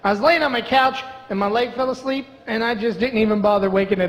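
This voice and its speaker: Barely pausing, a Brooklyn man with a high voice talks quickly through a stand-up comedy set, chatty and sarcastic, teasing the audience. The sound is lo-fi, recorded live in a reverberant comedy club with audience noise.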